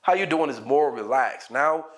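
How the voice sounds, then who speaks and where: A man teaching an English lesson in a playful, animated way, often acting out sample dialogues. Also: medium pitch, moderate pace. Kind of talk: casual online English lesson.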